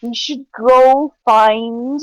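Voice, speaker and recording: Woman doing a rambling drunk hippie lady, high-pitched and slow, dry close sound. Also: fairly even intonation, dry recording, poor audio. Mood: tipsy, earnest. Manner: slurring, rambling, overly friendly. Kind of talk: tabletop role-play.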